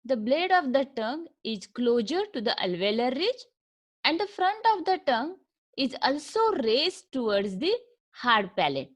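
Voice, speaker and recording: Woman lecturer, Indian accent, fairly high and very animated voice, patient drilling teacher. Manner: patient teacher, repeats and drills sounds slowly. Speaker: English lecturer. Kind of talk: recorded phonetics lecture.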